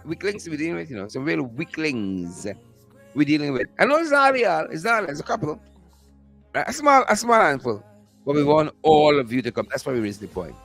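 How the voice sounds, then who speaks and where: Gravelly Guyanese man greeting viewers. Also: on the high side. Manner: repetitive, upbeat shout-outs to viewers. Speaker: host. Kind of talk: live-stream greeting viewers. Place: outdoors.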